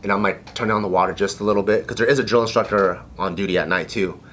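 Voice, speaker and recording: A man in his thirties on a podcast, telling a profane story with bursts of laughter and acted-out shouts. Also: fairly low pitch, fairly even intonation, racing, a little hiss or hum. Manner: profane, laughing storyteller acting out drill instructors. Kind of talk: casual chat.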